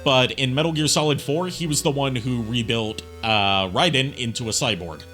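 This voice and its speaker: A man's voice: medium pitch, normal speed, sharp tone, soft background music. A man giving casual gaming stream commentary, rambling chattily with lots of fillers and asides.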